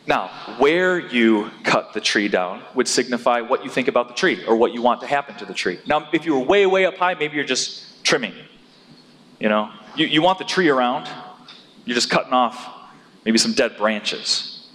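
A man preaching a sermon in an animated way, rising to loud, emphatic peaks as he drives his points home. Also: mid-range voice, normal speed. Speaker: pastor. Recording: long hall reverb.

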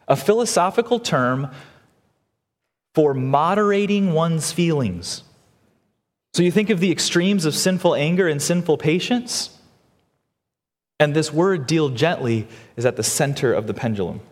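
A male pastor preaching a sermon with a lively, swinging delivery, rising high when he acts out other people's words. His voice rings with a long reverb, as in a church sanctuary.

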